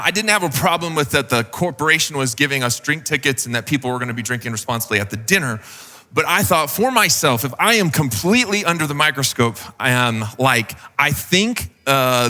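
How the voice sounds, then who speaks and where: A male pastor preaches in a loose, conversational way, full of fillers and little acted-out quotes. His voice is bright and forward. It rings out in a hall with a long reverb. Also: medium pitch. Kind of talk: sermon.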